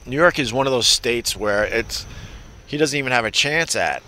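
A man's voice: mid-range voice, lively intonation, normal speed, pushed and bright, slight background noise. A man hosting a casual live stream, rambling, swearing and reading out viewer comments with sardonic asides. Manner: profane, sardonic, reads chat aloud. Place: New York.

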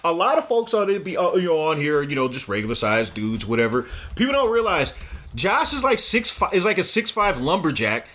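A fairly high, bouncy male voice swings up and down as he banters on a sports podcast. He stumbles over his words in quick restarts and laughs often. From United States. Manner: animated, laughing, stammering restarts. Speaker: podcast co-host.

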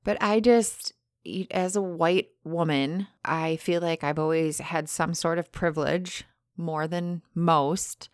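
A woman's voice: fairly low pitch, fairly even intonation, slow, smooth, no echo, studio quality. A woman co-hosting a podcast in casual chat. She talks frankly and laughs easily. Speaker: podcast co-host.

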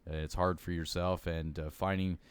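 A man's voice: deep voice, little pitch movement, normal speed, clean tone, no echo. A man co-hosting a podcast in easygoing casual chat, often searching for words with fillers. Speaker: podcast co-host.

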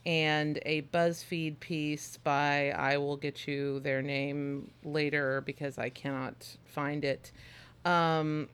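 A woman's voice: low voice, smooth. Podcast co-host, woman, chatty and loose, laughs and swears a lot. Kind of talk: casual chat.

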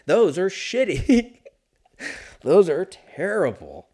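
A young adult man riffing in a rambling, profane, casual comedic monologue, breaking into laughs and sudden shouts. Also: high-pitched, wildly swooping pitch, slow pace, slightly rough. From Los Angeles area.

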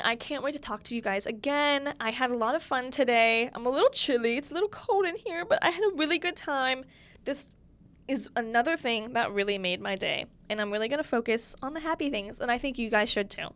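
Young woman, solo podcast host. Casual, effusive, slightly high-pitched, shifts between loud excitement and soft asides. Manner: bubbly and gushing, quick mood swings between loud and soft. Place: small studio room with a window.

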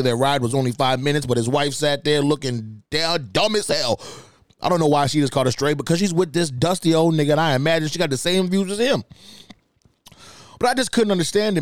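Profane and animated, this young man hosts a podcast, telling comedic stories casually and climbing in pitch when he gets outraged. The sound is clean studio quality with a dry recording.

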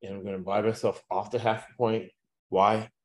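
A man hosting a sports betting podcast, talking casually and loosely, with lots of "uh" fillers and quick laughs. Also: lowish voice, flat delivery. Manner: rambling, frequent "uh" fillers, laughs at own jokes. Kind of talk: casual chat with picks.

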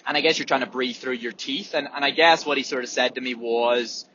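A man's voice: mid-range voice, brisk, few pauses, pushed and bright, dull audio, a little hiss or hum. A man, a runner talking candidly and swearing freely in a casual monologue, acting out breathing sounds as he explains.

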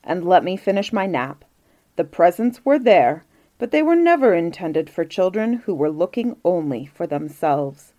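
Sleepy old grandfather christmas, wise, slow and firm, mellow dark tone, woman putting him on. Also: fairly low pitch, very animated, highs cut off. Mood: drowsy firm.

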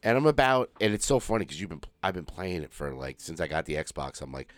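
A man with a very low voice co-hosts a podcast in loose, casual chat. He rambles, restarts his sentences and swears freely. The sound is dry and close. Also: big pitch swings, a little fast, dry recording. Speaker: podcast co-host.

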